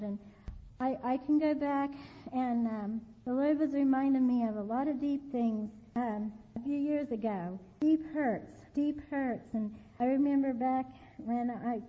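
An older woman with a high voice preaches in an earnest testimony, dwelling on phrases by repeating them. The sound is thin and phone-like, with a long reverb trailing behind it. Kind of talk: sermon testimony.

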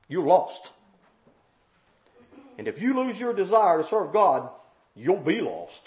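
Man, preacher, sermon, folksy drawl, high lively voice, shouts then murmurs, dull lo-fi sound. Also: takes it slowly, pauses often. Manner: swings from loud shouting to low murmured prayer.

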